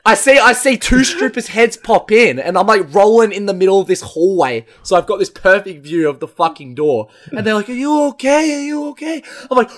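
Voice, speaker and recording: High-voiced young man telling a rowdy story. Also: a little fast, hardly any pauses, slight background noise. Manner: swears a lot, rambling and animated. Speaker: podcast co-host telling a story. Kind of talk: casual storytelling chat.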